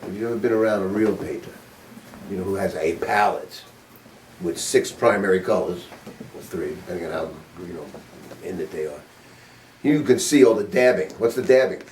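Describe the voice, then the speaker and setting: Teaching saxophone in a studio, an older man speaks in a low, darkish voice, informal and blunt, quizzing his class and swearing without fuss. Slight background noise sits under a roomy recording from a distant mic.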